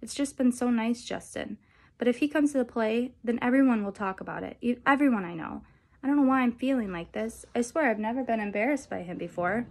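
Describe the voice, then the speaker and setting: A woman reading aloud as an upset, defensive teenage girl who talks through tears, pitched a little higher and louder than her narration. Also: brisk, creaky. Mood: tearful. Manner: tearful, pleading.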